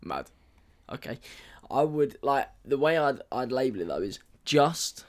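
Excitable young man, podcast co-host. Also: mid-range voice, a little slow. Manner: excitable, gets worked up, slangy. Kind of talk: casual chat.

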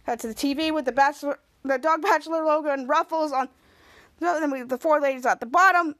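High-voiced woman recapping TV scenes. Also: fast talker, fairly bright tone. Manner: scene-by-scene retelling with frequent restarts. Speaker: podcast host. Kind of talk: casual TV episode recap.

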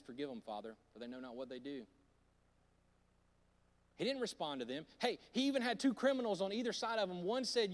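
Male pastor, high and animated, preaching on a handheld mic in a reverberant church hall. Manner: animated preaching, swings from loud to hushed. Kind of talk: sermon. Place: church auditorium. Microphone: handheld microphone.

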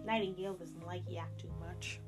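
A woman's voice: lowish voice, fairly even intonation, normal speed, over music. A woman reading a picture book aloud at home to her child, playful and chatty, pointing things out on each page.

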